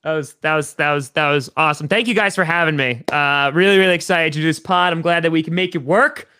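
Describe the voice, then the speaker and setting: A man's voice: on the high side, fast talker, sharp tone, a little hiss or hum. A man in his thirties from New York, an enthusiastic podcast guest chatting casually in a rambling way.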